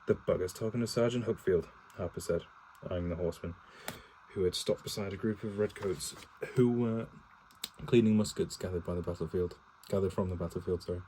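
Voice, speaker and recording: A man's voice: low-pitched, steady tone, fairly quick, mellow, slight background noise, poor audio. A man reading a war novel aloud for his partner in a casual home read-aloud, stumbling and correcting himself, with swearing asides and no character voices.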